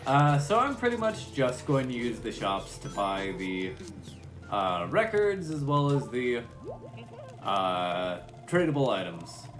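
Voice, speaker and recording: A man's voice: mid-range voice, big pitch swings, slow, a bit bright, soft background music. A male voice actor streamer chatting casually while playing a game, laughing at himself.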